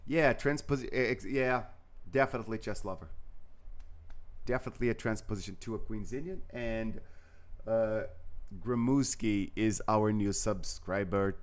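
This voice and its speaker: A man's voice: lowish voice, normal speed. A man from Brazil, a Portuguese speaker, giving chatty live commentary on a chess game. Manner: chatty and rambling, with frequent fillers and restarts.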